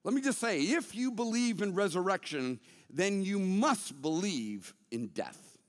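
Man preaching, lively and fairly high voice, emphatic swings from bursts to quiet asides, long hall reverb. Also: measured pace. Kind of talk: sermon.

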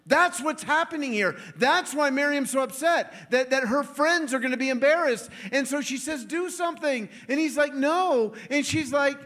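A man preaching a sermon in a lively storytelling way, acting out the people he quotes and laughing often. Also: very high-pitched, moderate pace, hardly any pauses. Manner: animated, acts out quoted voices, laughs often.

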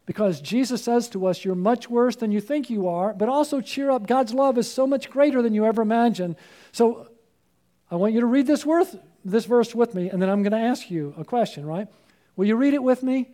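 High-voiced preacher man, mellow tone. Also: brisk. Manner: emphatic, rising sharply when quoting and urging; asks the congregation call-and-response questions. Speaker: pastor. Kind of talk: sermon.

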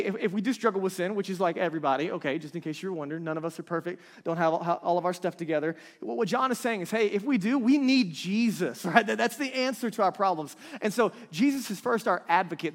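A man in his thirties preaching a conversational sermon, often checking in with his listeners. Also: high-pitched. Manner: conversational, keeps checking in with the crowd. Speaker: pastor. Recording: long reverb of a large hall.

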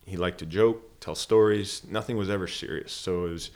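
A man's voice: low-pitched, normal speed, darkish tone. A man talking in a casual podcast conversation, telling a personal story earnestly and rambling with many fillers. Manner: earnest, rambling, heavy use of "like". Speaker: podcast guest.

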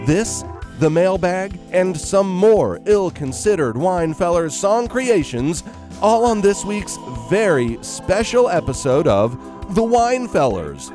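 A man's voice: high-pitched, darkish tone. A man hosting a comic wine radio show with playful, hammy announcer delivery.

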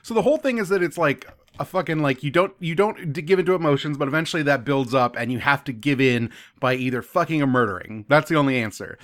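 A man's voice: fairly high pitch, lively intonation, fast talker, hardly any pauses, fairly bright tone. A man co-hosting a podcast, rambling enthusiastically and swearing casually as he recaps a TV episode. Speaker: podcast co-host.

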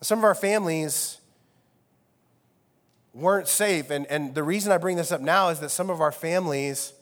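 A man's voice: on the high side, normal speed, fairly bright tone. A man preaching a casual, conversational sermon as pastor, wry and loose with fillers. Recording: long reverb of a large hall.

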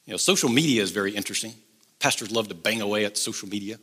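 A man's voice: lowish voice, racing, bright, forceful tone, breathy edge, in a large hall. A middle-aged man preaching a sermon, switching between earnest appeals and joking asides. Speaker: pastor.

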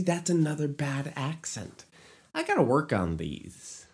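An animated explainer voice with a lot of pitch movement, walking through how lyrics fit melodies. Between the teaching points come playful asides and jokes, and the speaker now and then sings a short lyric to show the point. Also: unhurried. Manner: playful asides, jokes about own bad accent. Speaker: musical theater writer teaching lyric writing. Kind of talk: educational video explainer.

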